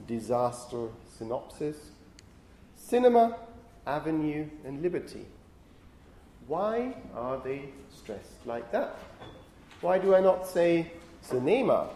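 Lively male lecturer in an echoey hall. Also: a little high. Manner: lively, self-correcting, frequent "okay?" checks. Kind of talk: university lecture. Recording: roomy lecture hall echo.

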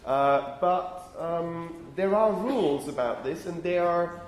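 A man's voice: on the high side, slow pace. A male lecturer explaining phonetics to a class, thinking aloud and often checking in with the students. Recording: echoey classroom with faint ambient noise.

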